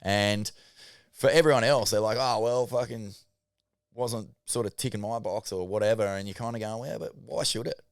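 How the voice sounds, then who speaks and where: A man co-hosting a podcast, talking in animated, sweary casual chat with halting restarts. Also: fairly low pitch, smooth, dry recording, clean studio sound. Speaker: podcast co-host.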